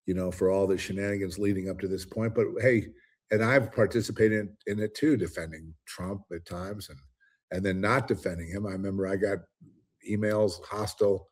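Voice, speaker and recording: A man hosting his own commentary show, ranting alone in an emphatic, rambling way with many restarts. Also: fairly low pitch. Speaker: commentary host. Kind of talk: ranting solo monologue.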